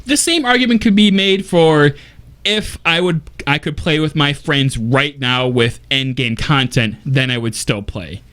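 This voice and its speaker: A man's voice: fairly high pitch, measured pace, fairly bright tone. A man co-hosting a gaming talk show, laying out an argument step by step. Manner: argumentative, lays out a case step by step. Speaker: co-host. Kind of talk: casual podcast talk.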